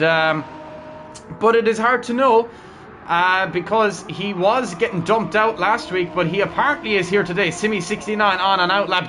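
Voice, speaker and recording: A man's voice: sits high, bright, forceful tone. A young man, streaming live and commentating a racing league in an upbeat, chatty way, talking to his chat.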